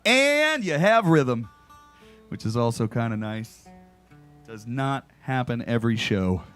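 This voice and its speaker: A man's voice: mid-range voice, very animated, takes it slowly, a bit bright. A man, a singer-songwriter telling dry, self-deprecating stories between songs at a live show. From United States. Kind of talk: casual stage banter between songs. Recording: live performance with guitar behind. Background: guitar music.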